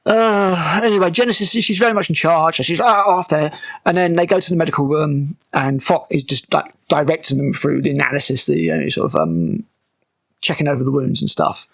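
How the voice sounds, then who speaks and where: A man's voice: on the high side, brisk, gravelly. A man giving a sarcastic, exasperated breakdown of a TV episode, mocking it as he goes. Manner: exasperated, mocking, with frequent fillers and restarts. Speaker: TV show reviewer.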